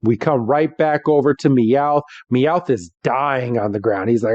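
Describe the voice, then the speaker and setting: Man, podcast co-host, casual recap, relaxed filler-heavy talk, dry and slightly muffled sound. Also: medium pitch, a little slow, hardly any pauses, no echo. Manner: relaxed storytelling with frequent fillers.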